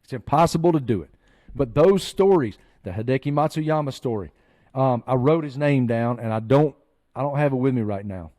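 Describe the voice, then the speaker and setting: A man hosting a podcast, telling a story in an earnest, animated way. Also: medium pitch, normal speed. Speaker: podcast host. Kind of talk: storytelling chat.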